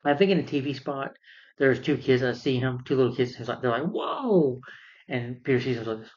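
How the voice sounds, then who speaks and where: A man's voice: medium pitch, fairly even intonation, quick pace, muffled recording. A man giving a casual spoken film review. He retells the plot in a loose, rambling way and acts out the characters' lines as he goes.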